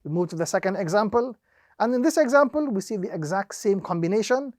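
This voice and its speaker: A man teaching Quran recitation, explaining each rule slowly and step by step, drawing out the example words and repeating the steps methodically. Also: sits high, lively intonation, no room sound, clean studio sound. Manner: slow, deliberate explanation with drawn-out demonstrations. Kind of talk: instructional lesson.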